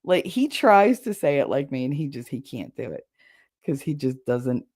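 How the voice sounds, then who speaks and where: A woman's voice: a bass voice, very animated, normal speed, a little mellow, no echo, clean studio sound. A middle-aged woman with a thick American accent, hosting a casual livestream chat, swearing casually and laughing often. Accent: thick regional American accent. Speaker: livestream host. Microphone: livestream setup.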